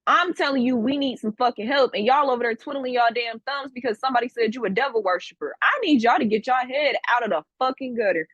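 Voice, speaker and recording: A woman's voice: a little high, fast, few pauses, a bit bright, breathy edge, dry recording, dull audio. A woman teaching a class, scolding her students with profanity and repeating herself for emphasis. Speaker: spiritual teacher. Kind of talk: livestream class lecture.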